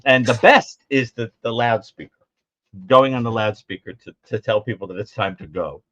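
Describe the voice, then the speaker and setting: A man's voice: mid-range voice, normal speed, no room sound, dull audio. A man co-hosting a call-in show, telling funny stories in casual chat and mimicking the people in them. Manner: animated storyteller, mimics voices, laughs often. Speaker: co-host.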